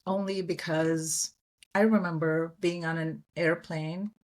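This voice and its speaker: A woman from India, a guest in an interview, telling stories in an animated way and acting out the voices of people she quotes. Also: low-pitched, slow. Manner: animated storyteller who acts out quoted voices. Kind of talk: conversational interview.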